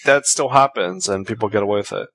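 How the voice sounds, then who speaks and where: A man's voice: on the low side, fast talker, a bit bright. A man co-hosting a podcast in casual chat, making his points earnestly and thoughtfully and laughing easily. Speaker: podcast co-host.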